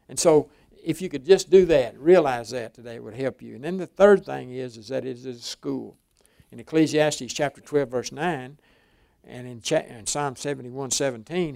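Older male preacher, gravelly, rambling storyteller with restarts, mid-pitched. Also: darkish tone, no room sound. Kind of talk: folksy sermon.

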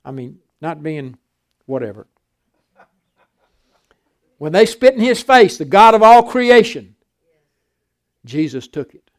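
An older man preaching a sermon, swinging from loud emphatic declarations to quiet, folksy storytelling. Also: high-pitched, big pitch swings, takes it slowly, pauses often.

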